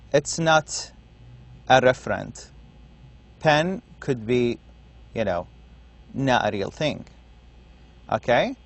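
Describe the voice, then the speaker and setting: Male lecturer, middle pitch, unhurried classroom delivery that keeps checking understanding. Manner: explains slowly, checks in with "okay?" often. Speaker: university lecturer.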